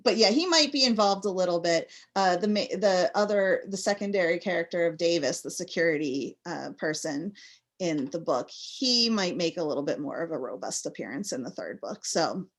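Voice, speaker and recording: A woman's voice: fairly low pitch, lively intonation, moderate pace. A woman from Massachusetts, a guest author in a casual interview, talking in a chatty, rambling way full of fillers.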